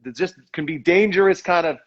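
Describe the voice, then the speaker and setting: A man's voice: high voice, brisk, a bit bright, dull audio. Tired, rambling man on a video call. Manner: reflective, rambling, self-deprecating. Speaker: actor and director, guest. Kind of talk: casual live video chat.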